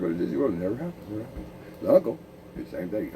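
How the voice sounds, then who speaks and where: Deep voiced guy rambling n cussing, far from the mic, lots of noise behind. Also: big pitch swings, racing. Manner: profane, meandering, frequent restarts. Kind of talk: rambling monologue.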